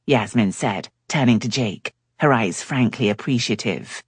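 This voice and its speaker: Romance audiobook reader: woman, low pitch, dry close sound. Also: lively intonation, measured pace, husky, no room sound. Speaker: audiobook narrator. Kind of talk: scripted narration.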